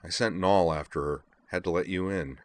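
A man's voice: low voice, normal speed, dry recording, natural voice. A man reading a worried, terse young man. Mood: tense.

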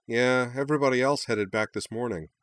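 A man voicing a wry teenage girl student in a storybook reading, speaking a bit higher than his own voice. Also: brisk, no room sound, close to an everyday voice.

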